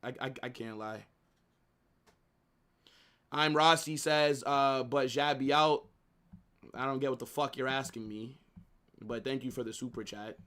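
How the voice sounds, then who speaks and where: A man's voice: medium pitch, measured pace, pauses often, a bit bright. A young man hosting a live football watch-along, ranting and swearing in frustration. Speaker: livestream host.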